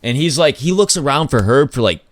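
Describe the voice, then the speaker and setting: A man hosting a podcast, telling a story in a loose, casual way, full of "like" and swearing, with sudden pitch jumps when he acts out other people. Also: lively intonation, fairly quick, no room sound. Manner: loose, filler-heavy talk with lots of "like" and swearing. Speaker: podcast host.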